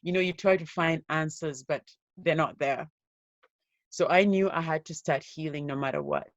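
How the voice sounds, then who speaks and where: A woman giving an interview as a guest, telling her own life story in an earnest, steady way. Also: deep voice, normal speed, dry recording, dull audio. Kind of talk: personal story told in an interview.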